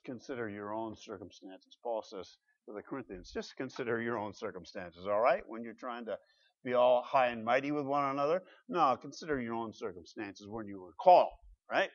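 A man preaching an expository sermon, animated and emphatic, with rhetorical questions and repeated phrases. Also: mid-range voice, moderate pace, dull audio. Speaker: pastor.

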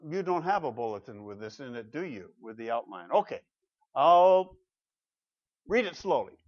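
A man's voice: mid-range voice, big pitch swings, normal speed. A middle-aged man preaching a sermon as pastor, emphatic, asking the congregation rhetorical questions. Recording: dull lo-fi sound.

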